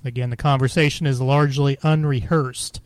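A man's voice: medium pitch, fairly even intonation, a little fast. A man co-hosting a casual podcast, easygoing as he explains how the show works. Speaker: podcast co-host, moderator. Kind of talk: casual chat.

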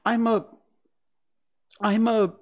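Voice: mid-range voice, sing-song, unhurried, breathy edge, lo-fi sound, exaggerated voice. A reader voicing a polite, bewildered little girl in a storybook reading, earnest and hesitant. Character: puzzled, polite, truthful little girl Alice.

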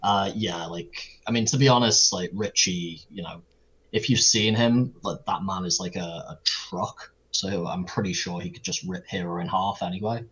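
A British man with a low, slightly husky voice answers questions in a casual interview with dry, wry humour. His audio sounds a little dull and lo-fi. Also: steady tone, moderate pace, fairly bright tone. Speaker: podcast guest, streamer.

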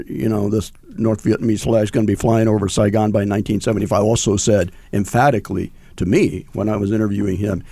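A man's voice: on the low side, mellow, no room sound. An older man, a veteran, recounting his war experiences in a rambling, conversational interview with frequent fillers and restarts. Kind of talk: conversational recollection.

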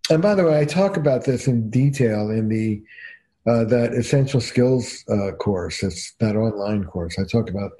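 An older man from New Jersey, a couples therapist, telling stories in an animated, emphatic way in a casual podcast chat. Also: fairly low pitch, moderate pace.

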